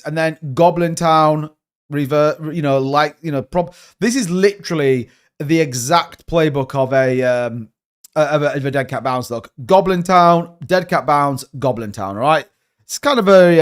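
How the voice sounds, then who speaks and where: Animated man hosting a crypto live stream. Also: on the high side. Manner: animated, joking, repeats catchphrases. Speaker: crypto channel host. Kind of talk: casual live-stream market commentary.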